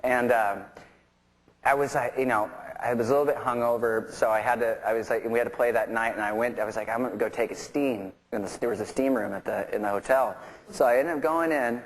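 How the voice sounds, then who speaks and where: Rambling rock musician telling stories. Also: male voice, mid-range voice, fairly quick, low-quality recording. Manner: rambling, full of fillers and restarts, laughing through stories. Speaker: interview guest, rock musician. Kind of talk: casual storytelling interview.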